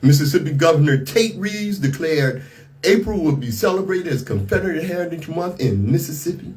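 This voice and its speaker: A man's voice: fairly high pitch, animated, normal speed, a little mellow. A man hosting a radio talk show, giving outspoken, indignant commentary on the news and often repeating and restarting his words.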